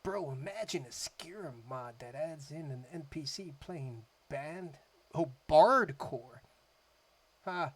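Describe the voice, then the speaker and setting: Slow-talking man reacting casually. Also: fairly high pitch, slightly rough. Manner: rambling, loose, full of "like" fillers. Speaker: music reaction host.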